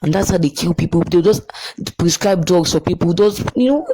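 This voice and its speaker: Low-voiced Nigerian woman commenting on news. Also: brisk, mellow, slightly rough, poor audio. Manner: emotional, repeats phrases, mixes in pidgin.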